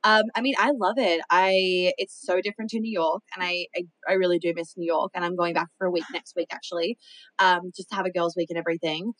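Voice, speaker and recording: A woman's voice: on the low side, steady tone, quick pace, a bit bright, no room sound, poor audio. A woman co-hosting a podcast in casual chat, talking freely with frequent swearing and laughs. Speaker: podcast co-host. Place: home in the American South.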